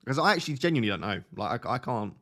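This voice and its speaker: A young man from Essex with a softened Essex accent, chatting casually on a live stream, reading out viewer questions and laughing often. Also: medium pitch, big pitch swings, racing. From Essex, England. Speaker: fantasy football streamer.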